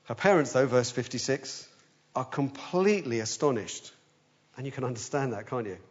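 A man preaching a sermon, telling the story with animation, swinging between urgent and hushed. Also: medium pitch, animated, moderate pace, lo-fi sound.

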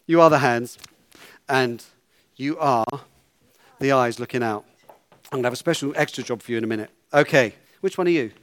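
A man's voice: mid-range voice, fairly bright tone, no echo. A man leading a children's talk in church, playful and coaxing, giving instructions.

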